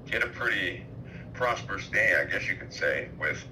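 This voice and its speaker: A man speaking on a headset as a guest on a talk show, halting, with many fillers and restarts. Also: on the low side, animated, noisy background. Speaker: guest commentator. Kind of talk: call-in talk show chat.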